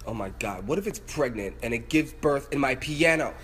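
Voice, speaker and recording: A man's voice: medium pitch, lively intonation, normal speed, hardly any pauses, fairly bright tone, a little hiss or hum. Panicky swearing young man, phone vlog. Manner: panicky, swearing, swings between whispers and yelps. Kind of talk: selfie video vlog. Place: indoors at home. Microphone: phone camera.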